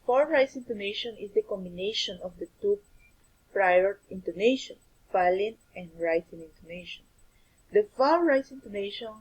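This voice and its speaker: A woman giving a scripted lesson on pronunciation, explaining carefully and deliberately with examples. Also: mid-range voice, darkish tone, husky, low-quality recording.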